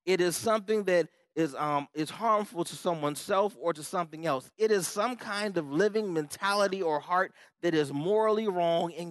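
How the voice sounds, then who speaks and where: High-voiced man preaching a sermon. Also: no echo. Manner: conversational preaching with audience check-ins; repetitive, emphatic phrasing. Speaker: pastor.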